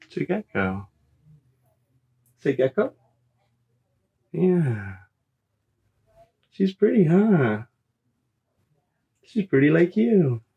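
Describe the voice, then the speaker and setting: A parent using gentle, coaxing baby talk to a small child, repeating words slowly and reassuring the child. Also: medium pitch, sing-song, breathy edge, dull audio. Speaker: parent showing animals to a toddler.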